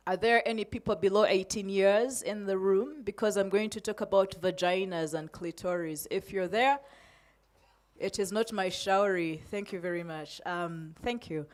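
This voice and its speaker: A woman's voice: medium pitch, moderate pace. A woman from Uganda, in her forties, speaking as a poet with a shaky, emotional but defiant delivery before a reading.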